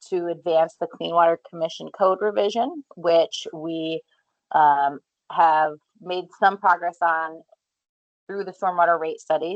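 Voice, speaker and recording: A woman with a low voice gives a measured, explanatory update at a public meeting. She often pauses on fillers. The sound is dry and a little dull. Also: dry recording. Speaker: clean water division manager presenting at a public meeting.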